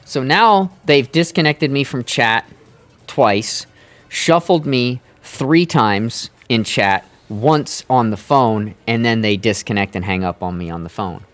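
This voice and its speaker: A man's voice: mid-range voice, slow, a bit bright, faint music behind. A man streaming live, telling a long rant in a casual, exasperated way with plenty of profanity. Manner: exasperated, profane, building anger.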